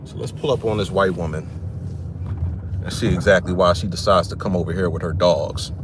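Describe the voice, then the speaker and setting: A man's voice: deep voice, brisk, noisy background. A man filming a casual vlog outdoors in a cemetery on a handheld phone, talking bluntly with plenty of swearing and a confrontational edge. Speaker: content creator. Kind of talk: casual vlog commentary while walking.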